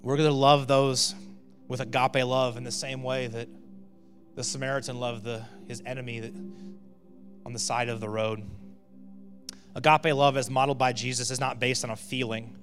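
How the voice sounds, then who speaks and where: A man's voice: mid-range voice, level tone, moderate pace, pauses often. A male pastor giving a sermon in a conversational way, often checking in with "right?" and building to emphatic peaks. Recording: long reverb of a hall with faint music.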